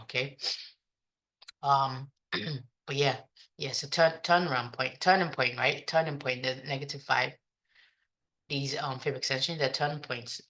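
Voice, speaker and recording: Speaking at an extremely low pitch with a pushed, bright quality, a woman reviews her day of trading in casual self-talk. She swears offhandedly, and her accent combines African, British and American elements.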